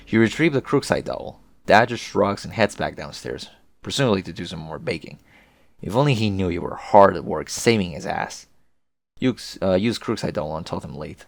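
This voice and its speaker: A man's voice: low-pitched, vocal fry, no echo. A man reading a webcomic aloud with casual, profane, chatty commentary. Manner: chatty, profane, laughs often. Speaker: webcomic reader, video host.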